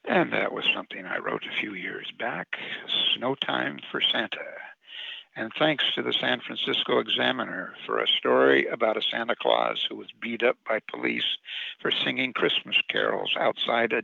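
A man reading his own short story on the radio in a wry, sardonic way. His voice is deeply gravelly with a bright, forceful edge. The recording is dry and a little dull and lo-fi. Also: expressive, normal speed, no echo. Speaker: radio commentator and writer.

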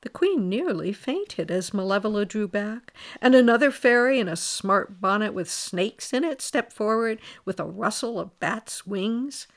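A woman reading a fairy tale aloud, lively and expressive. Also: mid-range voice, measured pace, hardly any pauses. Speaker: storyteller.

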